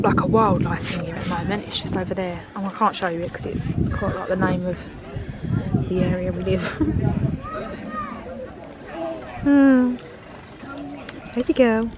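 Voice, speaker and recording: A woman in her thirties with an Essex accent, talking casually to camera in a rambling vlog style. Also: medium pitch. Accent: Essex English. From Essex, England. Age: 30s. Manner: chatty, rambling, lots of "like". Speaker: family vlogger. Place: outdoor park with a play area. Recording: noisy outdoor phone recording. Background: outdoor noise and children.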